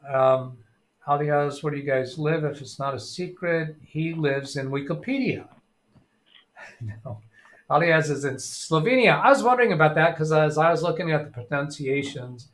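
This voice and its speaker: A middle-aged man hosts a casual live tech stream, rambling as he reads chat aloud. He thinks out loud and fills pauses with ums and uhs. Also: fairly high pitch, lively intonation, slight background noise.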